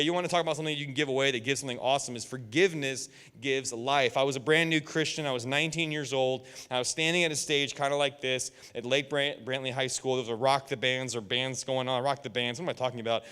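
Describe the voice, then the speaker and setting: A man in his thirties preaching to a youth group, telling lively stories and acting out quotes. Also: medium pitch, clear, resonant tone. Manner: animated storytelling with jokes and voiced quotes. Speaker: youth pastor. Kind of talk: sermon. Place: church youth room. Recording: echoey hall with long reverb.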